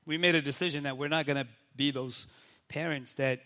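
A male pastor speaking in a casual, animated way, with a high voice. His tone is bright and forceful, and he keeps checking in with his listeners. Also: a little fast. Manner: animated, keeps asking "right?" and acts out quoted people. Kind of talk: casual faith talk.

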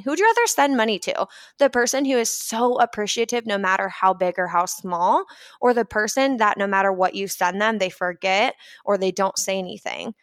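A chatty woman hosts a casual motivational talk, slipping into quick acted-out scenes as she goes. Her voice sits at a middle pitch, and the recording is close and dry. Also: no room sound. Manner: chatty, many "like"s, acts out little scenes. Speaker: podcast host.

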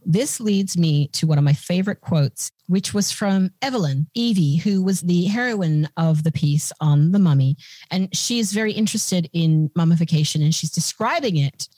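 A woman's voice: fairly low pitch, mellow, husky, dry recording. A woman podcast co-host chatting casually and irreverently, explaining with jokes. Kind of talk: casual chat.

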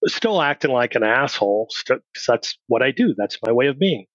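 A man's voice: mid-range voice, big pitch swings, normal speed, a bit bright, no room sound. Blunt middle-aged man telling his story. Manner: blunt, plain-spoken, acts out remembered dialogue. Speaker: podcast guest. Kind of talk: candid personal storytelling. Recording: dry, slightly dull recording.

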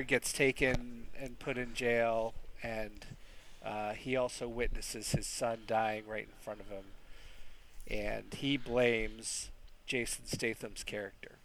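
A man co-hosting a podcast, recapping a movie plot in a slow, rambling way with many restarts. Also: medium pitch, steady tone, sharp tone, slight background noise. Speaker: podcast co-host.

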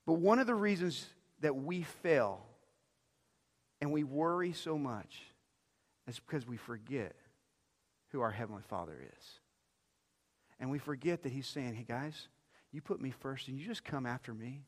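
A middle-aged pastor delivering a sermon, swinging between quiet, intimate phrases and loud, emphatic ones, often repeating words as he builds a point. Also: medium pitch, lively intonation, unhurried, long pauses. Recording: long reverb of a large hall.

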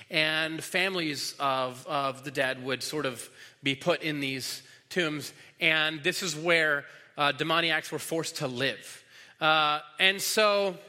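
A man's voice: sits high, sharp tone. A man preaching a sermon as pastor, teaching in a casual way full of fillers and restarts, in a large hall. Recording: long hall reverb.

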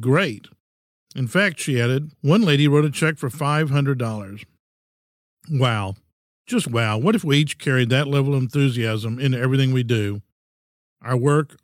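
A man in his sixties hosting a podcast, giving an earnest, measured, folksy reflective monologue. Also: mid-range voice, no echo, clean studio sound. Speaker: podcast host.

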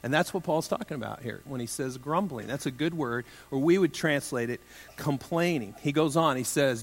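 A man's voice: mid-range voice, normal speed, in a large hall. A pastor preaching a sermon in a conversational, humorous way, with joking asides to his listeners.

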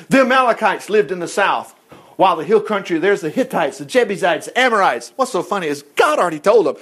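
A man's voice: high-pitched, very animated, a little fast, fairly bright tone, slightly rough. A man preaching a sermon, reading scripture and breaking in with joking, mocking asides.

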